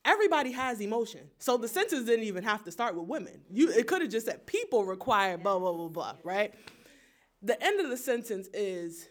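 A man's voice: high-pitched, sing-song, a little fast, a bit bright. A young man speaking in a casual group discussion, emphatic and slangy, sharing his view animatedly.

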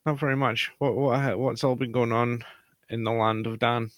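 A young man talks easily as co-host of a podcast, mid-pitched and relaxed. He laughs often and drops a casual swear now and then. The recording is dry and close, with no room sound. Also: moderate pace, no echo. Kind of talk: casual chat.

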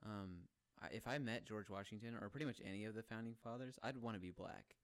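A man's voice: lowish voice, fast, no echo. A young man in casual, rambling chat, swearing freely and laughing as he talks. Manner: laid-back, rambling, profane, laughs often.

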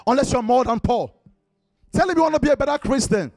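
Very high-pitched yet darkish in tone, a pastor preaches at a quick, animated clip. He repeatedly commands and exhorts his congregation and slips into worship singing; the close mic is dry with no room sound, and worship music plays behind.

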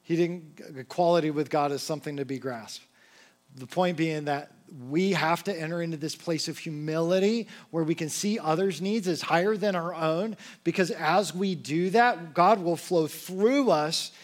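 A young man preaching a sermon in a casual, conversational way, slipping into lively acted quotes. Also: fairly high pitch, moderate pace. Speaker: pastor.

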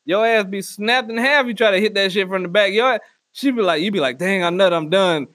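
A man delivering a loud, profane comedic rant and often slipping into mock voices. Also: sits high, a little fast, no echo. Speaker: comedy podcast host. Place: Northwest Arkansas.

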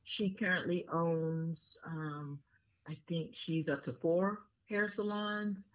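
A woman's voice: lowish voice, steady tone, takes it slowly. A woman guest on a podcast, casually telling a story with lots of fillers and restarts. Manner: chatty, many fillers and restarts. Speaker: podcast guest, business owner. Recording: muffled lo-fi sound.

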